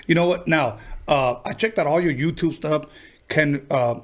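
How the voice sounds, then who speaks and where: A man's voice: a little high, normal speed. A man hosting a podcast, asking rambling questions with fillers in casual chat. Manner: short eager backchannels and rambling questions. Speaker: podcast host.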